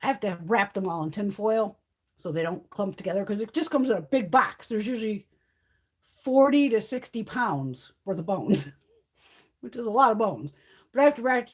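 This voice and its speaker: A woman streams live from home, chatting casually, swearing freely and laughing a lot. Her voice sits on the high side with a darkish tone.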